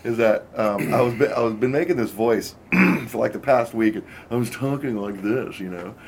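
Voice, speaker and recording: A man's voice: medium pitch, moderate pace, darkish tone, slight background noise. A middle-aged man co-hosting a sports talk show, telling rambling stories in casual chat with many fillers and restarts.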